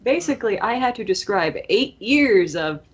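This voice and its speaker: A young woman in her early twenties with a hoarse, strained voice, co-hosting a podcast and telling a long, rambling story with lots of fillers. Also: mid-range voice, animated, moderate pace, lo-fi sound. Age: early 20s. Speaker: podcast co-host. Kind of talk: casual podcast chat.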